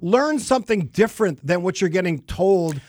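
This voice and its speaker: A man's voice: high voice, lively intonation, normal speed, darkish tone, dry recording. Emphatic talk radio host, man. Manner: emphatic, exasperated. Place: radio studio.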